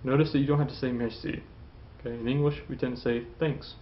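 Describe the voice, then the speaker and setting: A man teaching a French lesson, explaining slowly, saying "okay" a lot and repeating each model phrase twice. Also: mid-range voice, steady tone, lo-fi sound. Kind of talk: classroom lesson.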